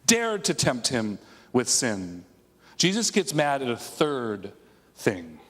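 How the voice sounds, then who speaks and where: Animated preacher with lively pitch. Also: male voice, slow, breathy edge, in a large hall. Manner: animated, conversational preaching with rhetorical questions. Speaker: pastor. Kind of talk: sermon. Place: church sanctuary.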